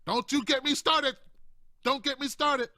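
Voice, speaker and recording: A man voicing a smug, dismissive male party insider who talks down to a newcomer in a slow, taunting way. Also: very high voice, fairly even intonation, sharp tone, pitched above the performer's own voice, full character voice.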